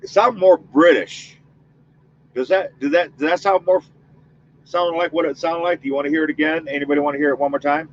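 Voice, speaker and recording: A man's voice: fairly high pitch, steady tone, a little fast, dull audio. A man hosting a spirit-box session, chatting casually with his audience and leading a spoken protection prayer. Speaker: paranormal investigator host.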